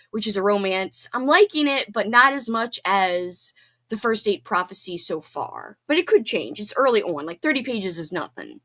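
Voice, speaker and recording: Bubbly, lively-voiced woman host. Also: medium pitch. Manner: bubbly and chatty, quick laughs and squeals. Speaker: livestream host. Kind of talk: casual chat reading out viewer comments.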